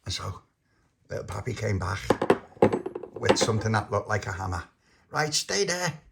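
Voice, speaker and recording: A man's voice: lowish voice, little pitch movement, normal speed, vocal fry, very noisy. A man telling an improvised children's story, chuckling as he goes. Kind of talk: improvised bedtime-style storytelling.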